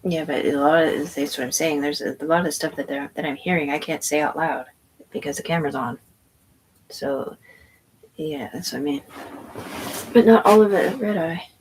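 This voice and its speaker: Woman, low voice, casual rambling storytelling, profane, lots of fillers, faint background noise. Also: normal speed, long pauses, rough recording. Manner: profane, meandering, full of fillers and restarts. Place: indoors at home.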